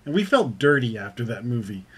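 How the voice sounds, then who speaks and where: A man co-hosting a horror podcast, asking questions in relaxed casual chat. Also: mid-range voice, a little fast, breathy edge. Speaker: podcast co-host.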